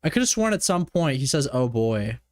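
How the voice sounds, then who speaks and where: A man's voice: mid-range voice, sing-song, fairly quick, no room sound. Male streamer from Canada, casual reaction commentary, profane and mocking, swinging range, dry sound.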